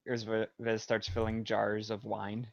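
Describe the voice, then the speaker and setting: A man's voice: lowish voice, monotone, unhurried, creaky, muffled recording. A man playing in a tabletop game, narrating his character's actions in a mild, polite way. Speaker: player.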